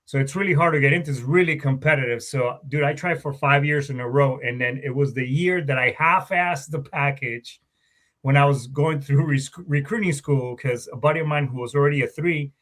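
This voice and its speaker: A man's voice: medium pitch, fairly quick, fairly bright tone. Profane, rambling middle-aged man. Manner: profane, rambling, self-correcting. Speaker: guest, Marine Corps veteran warrant officer. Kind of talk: casual storytelling interview.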